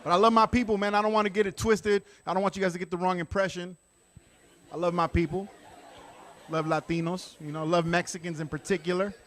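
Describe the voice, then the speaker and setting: A man doing a stand-up set, conversational with deadpan punchlines. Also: high voice, a little fast, a little hiss or hum. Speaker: stand-up comedian.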